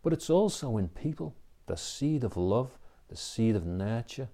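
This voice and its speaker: A man gives an inspirational talk and tells a personal story. He speaks in an earnest, reflective way, sometimes drops to a hushed whisper, and often checks in with "you know" and "okay?" His voice sits at an ordinary middle pitch. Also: very animated, unhurried.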